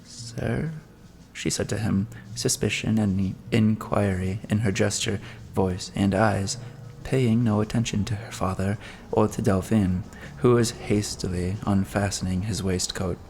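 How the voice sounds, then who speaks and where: A man narrating a classic novel as an audiobook in a measured, dramatic storytelling manner. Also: on the low side, flat delivery, a little mellow, faint music behind.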